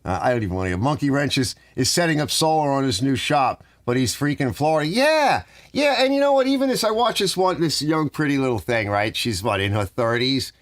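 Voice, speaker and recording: A man's voice: medium pitch, very animated, fairly quick, hardly any pauses, no echo. A middle-aged man hosting a casual garage live stream, rambling and ranting while answering his viewers' chat. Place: home garage.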